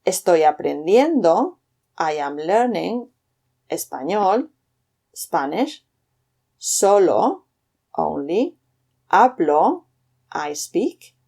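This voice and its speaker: A woman teaching a beginners' language lesson. Her voice sits on the low side for a woman. She slows down and pronounces each example phrase carefully. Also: big pitch swings, mellow. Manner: clear, slowed model pronunciation of phrases. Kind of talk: scripted lesson.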